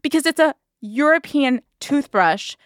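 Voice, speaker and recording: A woman telling a story to podcast hosts in a casual, animated way, laughing as she goes and acting out what people said. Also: high-pitched, unhurried, dry recording, clean studio sound. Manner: animated, laughs while telling, acts out quotes.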